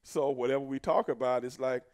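A middle-aged American man telling a road story casually, cursing a lot and shouting out the lines he quotes. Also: medium pitch, brisk. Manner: profane, animated, shouts when quoting himself.

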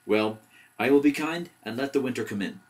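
A man's voice: medium pitch, brisk, voice pushed up, close to an everyday voice. A man voicing a fussy, kindly male owl who lives alone, speaking earnestly and a little fretfully in a storybook reading.

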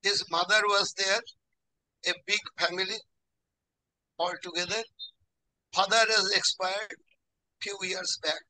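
An older man in his seventies with a Bengali accent, hosting a talk and telling a doctor's story in the third person with slow pauses. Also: high-pitched, fairly even intonation, pushed and bright, low-quality recording. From India. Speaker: host.

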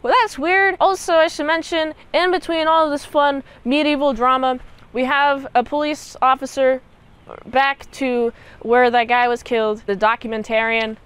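A woman's voice: sits high, fairly even intonation, normal speed, fairly bright tone, clear, resonant tone. A young woman giving a casual movie recap and review, chatty and slangy, peppered with "like" and "dude".

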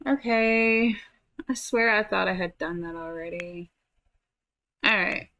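A woman's voice: mid-range voice, slow, sharp tone, dull audio. A woman giving casual gameplay commentary, chatting to her characters and swearing offhandedly. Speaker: gameplay streamer.

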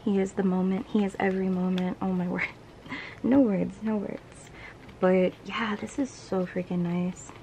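A woman vlogger gushing through an unboxing, excitable and often dropping to a whisper. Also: mid-range voice, normal speed, hardly any pauses, slight background noise, low-quality recording. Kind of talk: casual unboxing commentary.

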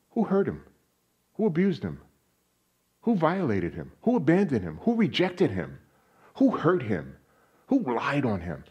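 In a church sanctuary, a guest speaker delivers a sermon with animation, posing questions to the congregation and raising his voice on quoted lines. His mid-range voice is slightly rough.

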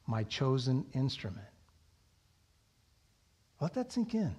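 A middle-aged man preaching a sermon in a church, telling a personal story with animated, rising emphasis. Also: medium pitch, slow pace, breathy edge. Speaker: pastor. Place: church sanctuary.

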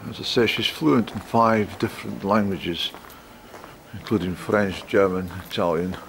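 A man's voice: fairly low pitch, a little slow, gravelly, a bit bright. A man chatting in a rambling way as he narrates a walk through narrow town streets on a handheld camera. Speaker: travel vlogger. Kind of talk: walking travel narration. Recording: street noise and passing traffic.

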